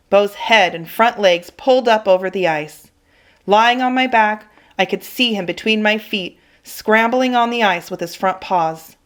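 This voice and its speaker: A woman narrates a children's chapter book aloud at a mid pitch typical for a woman. Her reading is expressive and dramatic, pacing the tense passages with care. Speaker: reader for children. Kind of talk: storybook read-aloud.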